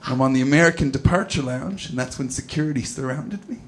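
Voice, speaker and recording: A man's voice: medium pitch, quick pace. Laid-back young male stand-up comic. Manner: laid-back, storytelling, self-mocking. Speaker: stand-up comedian, guest. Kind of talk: stand-up set then chat-show interview. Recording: noisy live venue recording.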